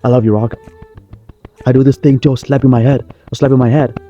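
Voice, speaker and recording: Man doing an excitable British fan. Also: mid-range voice, fairly quick, muffled recording, faint music behind, pitched above the performer's own voice, close to an everyday voice. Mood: excited.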